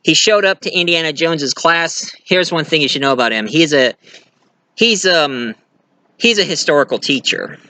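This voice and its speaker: A man's voice: fairly high pitch, lively intonation, moderate pace, pushed and bright. A man giving a casual, rambling movie review, chatty and full of restarts. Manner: rambling, chatty, many restarts, laughs at own jokes. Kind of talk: casual film review monologue.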